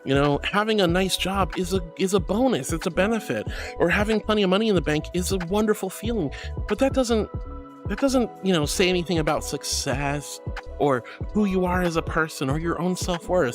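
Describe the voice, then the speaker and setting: A woman streamer chatting with her viewers in a bubbly, gushing way, breaking into squeals and baby talk. Her pitch leaps and dips constantly. Soft music plays faintly behind her. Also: animated, brisk. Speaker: livestreamer reading chat. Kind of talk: casual livestream chat.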